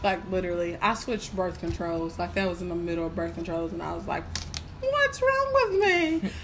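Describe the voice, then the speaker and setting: A young woman appears as a guest in a casual chat, animatedly telling her story and acting out what people said. Her voice is lowish and fast, against a noisy background.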